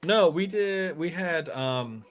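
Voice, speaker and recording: A man's voice: on the high side, animated, takes it slowly. Laughing, rambling male podcast host. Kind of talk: casual chat.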